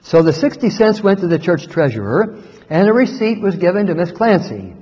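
A man's voice: high voice, big pitch swings, moderate pace, dark tone, slightly rough, big-room sound, muffled recording. A man, a pastor, telling a story in the first person in an earnest, reflective way.

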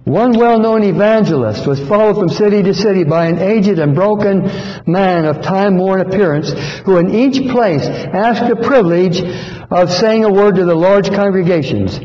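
High-voiced preacher in an echoey hall. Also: male voice, normal speed, a little mellow. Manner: earnest, pleading, repeats phrases for emphasis. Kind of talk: sermon. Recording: dull echoey hall recording.

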